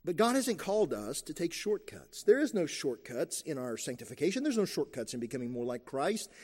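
Male preacher, high voice, emphatic sermon delivery that drives points home by repeating them. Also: sing-song, fairly quick, a little mellow, in a large hall. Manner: emphatic, repeats key phrases.

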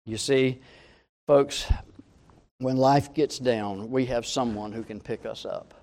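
A man's voice: medium pitch, fairly even intonation, slow pace, darkish tone. A man preaching a sermon in an earnest, emphatic way, rising and falling in volume.

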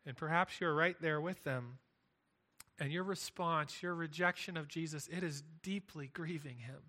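Guy preaching a sermon, earnest and punchy, kinda high bright voice. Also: normal speed. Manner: earnest, emphatic preaching with repetition. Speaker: pastor.

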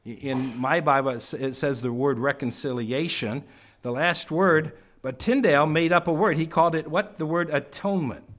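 A male preacher delivers a sermon in a church, his voice pitched a little higher than most men's. He works the room with rhetorical questions. He swings between loud, pressing lines and sudden quiet ones. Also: moderate pace.

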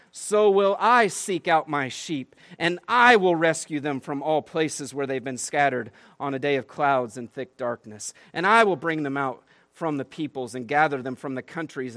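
A man's voice: mid-range voice, a bit bright, no room sound. A man preaching a sermon. He reads scripture aloud with rising emphasis and breaks off into conversational asides that end in "right?". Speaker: pastor.

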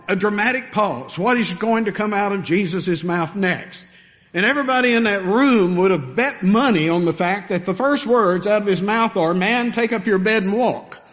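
A man preaching a sermon, animated and rising to emphatic peaks as he builds his points. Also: sits high, muffled recording. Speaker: pastor.

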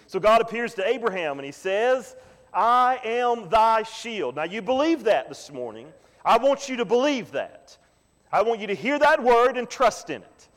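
A man preaching a Sunday sermon as pastor, often asking the congregation "Amen?" and repeating key lines slowly for emphasis. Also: high-pitched, sing-song. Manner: preaching with call-and-response "Amen?" asides. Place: church sanctuary. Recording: long hall reverb.

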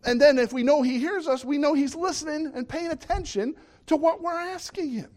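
A man's voice: very high-pitched, a little fast, a little mellow. A middle-aged man preaching a sermon in a conversational way, often asking the listeners questions. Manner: conversational, asks the audience questions.

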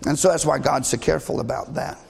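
High, gravelly preacher in a hall. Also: male voice, fairly even intonation, fast talker, darkish tone. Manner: emphatic, conversational, asks the congregation questions. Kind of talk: sermon.

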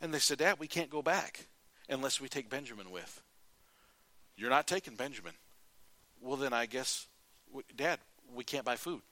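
A man preaching a sermon, retelling a Bible story in a lively way and acting out what the characters say. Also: mid-range voice, normal speed, long pauses, no room sound.

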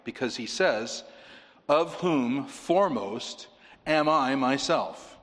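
A man delivering an earnest sermon from a pulpit, moving from quiet reasoning to emphatic pleading. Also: mid-range voice, lively intonation, slow pace. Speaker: preacher. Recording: long hall reverb.

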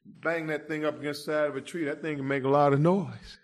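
A male preacher delivering an impassioned sermon, swinging from quiet murmurs to loud shouts, throwing in rhetorical "huh?" asides and calling listeners "friend". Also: a little high, fairly even intonation, brisk.

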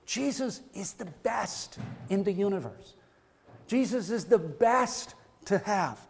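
A man with a notably high voice preaching a sermon with fervent, repetitive emphasis. His voice rings out with a long reverb across the church sanctuary. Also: animated, slow, vocal fry, a little hiss or hum. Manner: fervent preaching with repeated phrases and rising emphasis. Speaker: pastor.

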